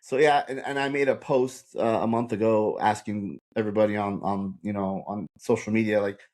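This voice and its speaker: A man with a fairly low voice talks casually as a guest on a podcast. He tells his stories with animation and often repeats words as he goes. He speaks as a paranormal investigator among friends. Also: normal speed. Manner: animated storyteller with many repeats.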